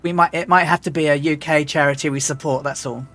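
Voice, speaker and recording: A woman streamer chatting casually and rambling as she flies a simulator, often restarting and clearing her throat. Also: deep voice, fairly even intonation, quick pace, fairly bright tone, faint music behind. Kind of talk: casual live-stream chat while flying a flight simulator.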